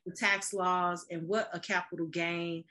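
Bright-voiced animated woman chatting. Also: on the low side, a little slow. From Midwest. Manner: animated, laughs often, acts out quoted voices. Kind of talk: casual chat.

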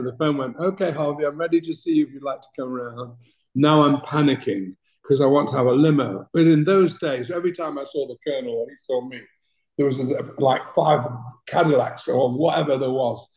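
An older British man spins long, chatty anecdotes as an interview guest and chuckles between the punchlines. His voice sits at an ordinary mid pitch, and the room around him rings with echo. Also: darkish tone. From Britain. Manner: chatty, laughs through his stories. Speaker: guest, talent manager.

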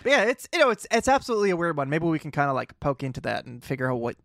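Wry man with a higher voice. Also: big pitch swings, rapid-fire, vocal fry, fairly bright tone, no echo. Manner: wry, jokey, casual swearing. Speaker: podcast co-host. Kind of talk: casual chat recapping a TV episode.

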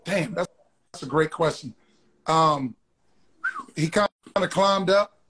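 A man's voice: a little high, slow pace, a bit bright. A comedian in his thirties, a man, chatting loosely and telling boastful stories as a guest. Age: 30s. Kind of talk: casual podcast chat.

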